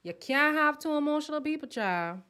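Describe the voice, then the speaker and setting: A woman hosts a relaxed live stream from home. She chats in a playful, gossipy way, often laughs, and sometimes slips into a whisper. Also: sits high, moderate pace. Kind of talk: casual live chat reacting to viewer comments.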